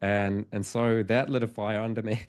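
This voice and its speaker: Low-voiced man recounting a spiritual experience. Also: flat delivery, moderate pace, darkish tone, clean tone. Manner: earnest, reflective, laughs often. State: emotional, choked up. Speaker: hypnotherapist guest. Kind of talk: conversational storytelling.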